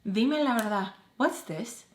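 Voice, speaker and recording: A woman's voice: fairly high pitch, animated, measured pace, roomy sound, noisy background. A woman quoting a suspicious interrogating woman. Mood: accusing. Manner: accusing, repetitive questioning. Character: suspicious, interrogating middle-aged woman guardian.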